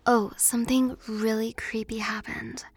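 Young woman, ASMR host, whispered ASMR chat, slow and airy, breathy, faint music behind. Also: fairly high pitch, level tone. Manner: rambling, giggly, with frequent ums.

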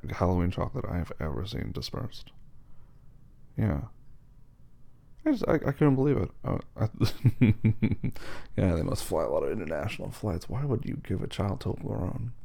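A tired man in a whispered role-play as a husband and father, talking softly and affectionately to his partner at bedtime. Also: lowish voice, vocal fry, husky. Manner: soft, sleepy and affectionate, calls the listener baby.

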